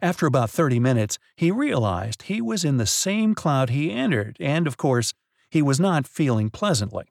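A man's voice: on the high side, sing-song, normal speed, gravelly, darkish tone, dry recording, studio quality. A man co-hosting a podcast, patiently telling a mystery story with dramatic build-ups. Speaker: podcast co-host. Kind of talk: casual storytelling chat.

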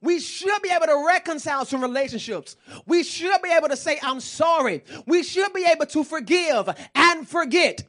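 Male preacher, very high voice, passionate sermon, calls out to the crowd. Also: animated, moderate pace, hardly any pauses, fairly bright tone.

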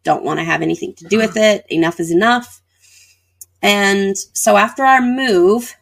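A woman's voice: on the low side, gravelly. Woman telling a personal story. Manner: vivid retelling with acted-out dialogue. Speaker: interview guest.

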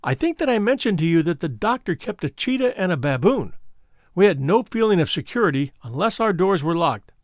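A man reading the part of a frightened young woman who recounts her twin sister's death, in an earnest, measured storybook telling. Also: high voice, very animated, no echo, clean studio sound. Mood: anxious. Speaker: audiobook reader.

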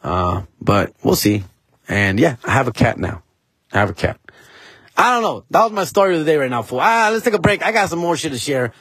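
Slangy husky man telling stories. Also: on the high side, very animated, fairly quick, a bit bright, no room sound. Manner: slangy, mixes Spanish phrases, calls listener "fool" and "dog". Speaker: podcast host. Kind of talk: casual storytelling.

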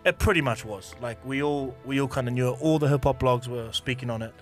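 A man's voice: mid-range voice, a little fast. Chatty guy cohosting a podcast, laughs a lot, lots of ums, faint music behind. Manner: chatty, laughs often, many fillers. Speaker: podcast co-host. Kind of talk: casual podcast chat.

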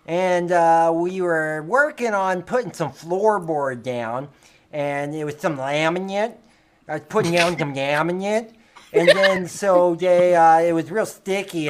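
A woman narrating a how-to video in a rambling, folksy way with drawn-out asides. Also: low voice. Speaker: presenter of a watched how-to video. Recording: noisy video playback.

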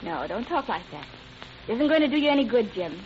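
A woman's voice: a little high, very animated, brisk, slight background noise. An actress playing a widow who steadily accuses a man, in 1940s radio acting. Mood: accusing. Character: grieving widow, firm and accusing. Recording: muffled old radio broadcast, from off-mic.

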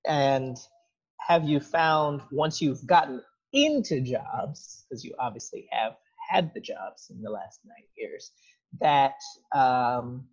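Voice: mid-range voice, expressive, slow pace. A host in a casual conversation with a mid-range voice, speaking reflectively and padding thoughts with fillers and asides. The recording is dull and lo-fi. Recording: dull lo-fi sound.

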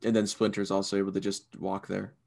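Gravelly low-voiced man chatting. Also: brisk. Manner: relaxed, rambling, lots of fillers. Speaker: podcast co-host. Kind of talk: casual chat.

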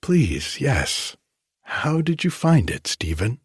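A man voicing a seventeen-year-old girl in an audiobook, speaking in a breathy, wistful but firmly insistent way. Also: mid-range voice, very animated, slow pace, dry recording, clean studio sound, voice pushed up, heavily acted. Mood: eager. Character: young girl of seventeen, earnest and determined. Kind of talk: audiobook reading.

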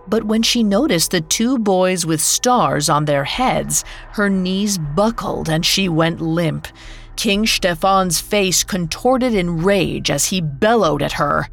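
A woman narrates a fairy tale in a measured, unhurried way, her voice sitting low. The delivery is slow and steady, like scripted storytelling. Faint music plays beneath her. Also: gravelly.

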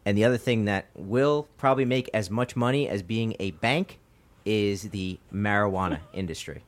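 A man's voice: on the low side, normal speed. A man in casual podcast chat, hesitant, with many ums and restarts.

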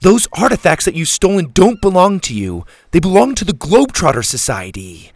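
A man's voice: high-pitched, huge pitch swings, normal speed, no echo, pitched above the performer's own voice, heavily acted. A man voicing a young girl who talks back defiantly, in a storybook reading. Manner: sharp, forceful.

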